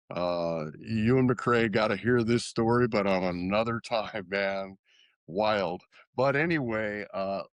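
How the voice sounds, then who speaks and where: A man's voice: fairly low pitch, no room sound. A man co-hosting a podcast, rambling in casual chat with many fillers. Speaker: podcast co-host.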